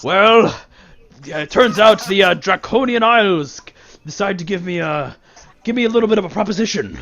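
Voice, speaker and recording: A man's voice: high voice, animated, normal speed, fairly bright tone, voice pushed up. A man voicing a grumbling middle-aged man who has reluctantly gone sober. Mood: sheepish. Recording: dull lo-fi voice chat.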